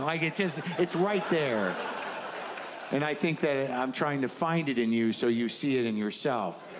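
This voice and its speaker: A man's voice: mid-range voice, lively intonation, unhurried. A man doing a stand-up comedy set on a club stage, riffing in a rambling, exasperated, self-questioning way. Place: comedy club stage before a live audience. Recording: live club recording with crowd noise. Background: audience laughter.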